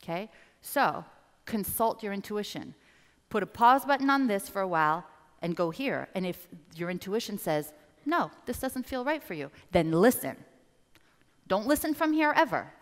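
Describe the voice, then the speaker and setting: A woman business coach giving a motivational seminar talk, animated and addressing the audience directly. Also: medium pitch, moderate pace. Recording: reverberant hall.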